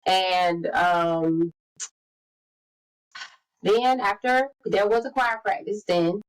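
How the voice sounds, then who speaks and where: A woman in her forties co-hosting a podcast, telling stories in lively casual chat and acting out the quotes. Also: medium pitch, extremely slow, poor audio. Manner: animated storyteller, acts out quotes. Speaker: podcast co-host.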